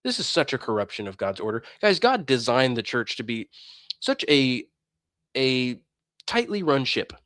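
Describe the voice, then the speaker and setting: Male host, heated preachy rant, scornful and mocking, mid-pitched, dry close mic. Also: sing-song, moderate pace, a bit bright, dry recording. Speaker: host of a religious debate stream. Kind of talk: ranting monologue.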